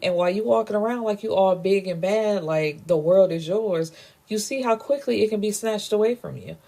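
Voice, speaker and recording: A woman's voice: medium pitch, normal speed, creaky, dark tone. Chatty woman recapping a book. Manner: chatty, filler-heavy, opinionated. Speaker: book reviewer.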